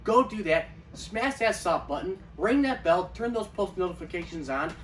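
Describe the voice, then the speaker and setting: A man's voice: sits high, animated, moderate pace, a bit bright, distant mic. A man ranting in casual commentary for his own baseball channel, incredulous and repeating himself as he talks. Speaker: baseball vlogger.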